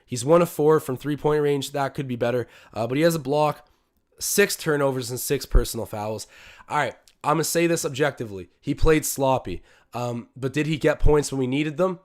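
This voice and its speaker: A young man calling a basketball game live for his stream viewers, chatty and excitable. He talks at an average pitch but jumps sharply upward whenever a big play happens, then settles back into easy banter with the chat. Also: normal speed. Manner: excitable, talks to chat, bursts of loud cheering. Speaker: live-stream watch-along host. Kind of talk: casual live game commentary.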